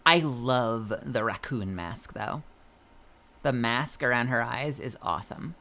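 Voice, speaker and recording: A woman's voice: extremely low pitch, takes it slowly, a bit bright. A woman in her thirties chatting casually on a live stream, giggly and playful with lots of swearing. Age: 30s. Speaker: livestreamer.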